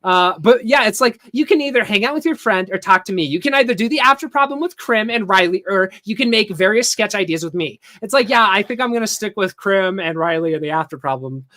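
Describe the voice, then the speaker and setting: A male podcast host talks in a loose, rambling way, reading out chat messages and padding his story with filler words and chuckles. His voice is bright and slightly tense. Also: high voice, lively intonation, fast talker, few pauses.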